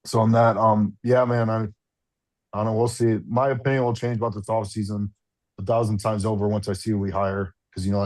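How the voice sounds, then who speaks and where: A man's voice: fairly low pitch, darkish tone, dry recording. A man co-hosting a casual sports chat over a remote video call, rambling with lots of fillers, restarts and some swearing. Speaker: podcast co-host and football fan.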